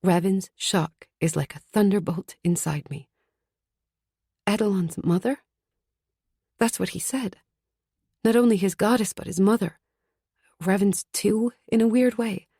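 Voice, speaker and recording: Dark-voiced woman reading an audiobook. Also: mid-range voice, a little slow, pauses often, slightly rough, no echo, clean studio sound. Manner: tense, urgent inner monologue. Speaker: audiobook narrator. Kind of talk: first-person fantasy audiobook narration.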